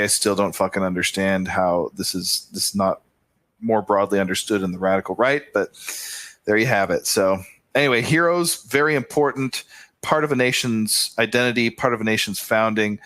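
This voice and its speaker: Man, podcast co-host, lowish voice, relaxed musing talk, dry close sound. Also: no echo.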